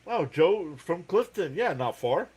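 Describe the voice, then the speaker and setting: A man with a New Jersey accent hosts a live baseball reaction stream. He calls each pitch and the count in a casual, chatty way. Between plays he reads out viewers' messages and answers them. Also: big pitch swings, measured pace, a little mellow, breathy edge. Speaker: live sports reaction host. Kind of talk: live baseball play-by-play and chat.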